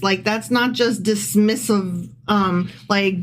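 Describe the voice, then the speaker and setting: A woman's voice: mid-range voice, a little slow. Sex: woman. Role: podcast co-host. Style: casual scripture reading with commentary. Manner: sarcastic, irreverent, chatty.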